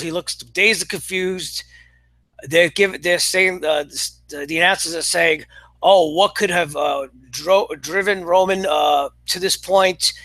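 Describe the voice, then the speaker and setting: A high-voiced man with a bright, tense tone gives a casual review monologue, sounding exasperated and sarcastic. He talks in halting bursts, stumbling over restarts and fillers. The sound is dry and close, with no room around it. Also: no room sound. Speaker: wrestling commentator.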